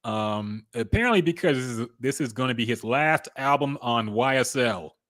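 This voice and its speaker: A man's voice: medium pitch, expressive, moderate pace, a bit bright, dry recording, clean studio sound. A man co-hosting a music podcast, giving laid-back, candid opinions in casual chat. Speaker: podcast co-host.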